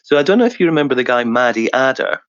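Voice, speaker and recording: Talking fast in a medium-pitched voice, this interview guest shares gaming anecdotes over a headset. The audio is dry and muffled, and his casual stories are animated and full of swearing and laughter.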